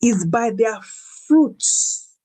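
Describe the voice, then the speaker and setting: A woman shares her faith testimony in an animated, preacherly way. She repeats words when she is emphatic, and her voice leaps upward as she retells a story. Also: fairly high pitch, drawn-out words. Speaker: guest speaker. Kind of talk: faith-based personal testimony.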